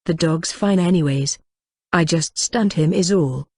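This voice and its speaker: A woman's voice: lowish voice, a little slow, a little mellow, breathy edge. A woman reading the lines of a cocky teenage boy neighbor, amused and lightly teasing. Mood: matter-of-fact.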